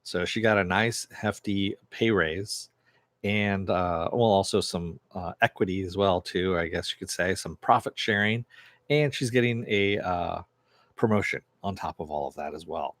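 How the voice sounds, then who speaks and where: A man with a lowish voice, recorded dry and close with no room sound. He retells a TV episode in a loose, chatty way, with fillers and the odd swear word. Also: moderate pace, a bit bright, no room sound. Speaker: TV show reviewer. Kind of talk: casual episode recap.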